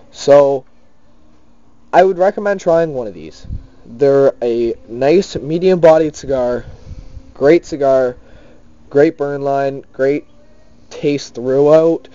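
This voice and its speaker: A young man casually giving his rating in a cigar review, relaxed and leaning on words like definitely. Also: medium pitch, slow, pauses often, no echo. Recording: dull lo-fi sound.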